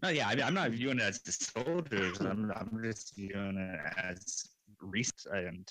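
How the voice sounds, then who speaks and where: A man's voice: on the low side, unhurried, noisy background. A man in a casual debate who speaks bluntly and crudely, with a cynical edge. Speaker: panel guest.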